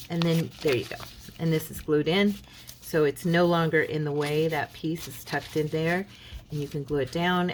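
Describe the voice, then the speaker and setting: A woman with a fairly low voice walks viewers through a paper craft project in a relaxed, chatty way. She keeps checking in with "okay" as she folds and shows each piece, with a faint hiss behind her. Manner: chatty, many "okay"s, talks while folding and showing paper. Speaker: craft video host. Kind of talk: casual craft tutorial.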